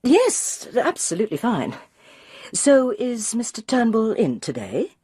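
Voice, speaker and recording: A woman's voice: fairly high pitch, wildly swooping pitch, a little slow, warm tone, breathy edge, dry recording, studio quality, pitched above the performer's own voice, heavily acted. A woman voicing a polite, hesitant woman who is an amateur detective. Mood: tentative.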